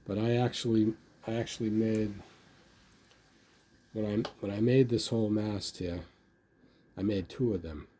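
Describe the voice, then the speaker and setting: A man's voice: fairly low pitch, steady tone, unhurried, long pauses, dark tone, a little hiss or hum. An older man casually talking about his model building, rambling and filling his speech with "you know.". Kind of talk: casual hobby video talk.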